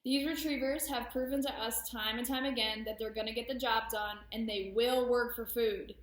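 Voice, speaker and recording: A woman's voice: a little high, steady tone, normal speed, reverberant. A woman service dog training instructor explaining training methods with friendly, self-deprecating asides. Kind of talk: instructional talk.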